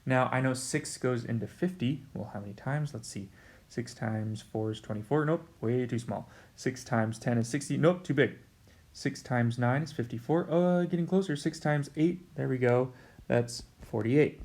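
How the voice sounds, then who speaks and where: A man's voice: mid-range voice, moderate pace, a little mellow. A male math teacher explaining a lesson in a casual, chatty way. He talks straight to his students and jokes about his own slips as he works. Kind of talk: recorded math lesson at a whiteboard.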